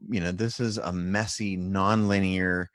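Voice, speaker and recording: A man's voice: sits low, fairly even intonation, a little slow, a bit bright, no room sound, studio quality. A man hosting a live-stream Q&A, talking casually and encouragingly to his viewers and callers. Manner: encouraging, loose and conversational. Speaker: host of a live video Q&A. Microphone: live-stream setup with video call.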